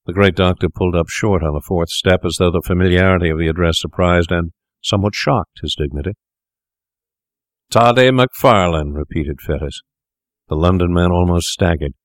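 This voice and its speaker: A man reading a classic story aloud in a measured, deliberate way. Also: sits low, fairly even intonation, dry recording, studio quality. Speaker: narrator.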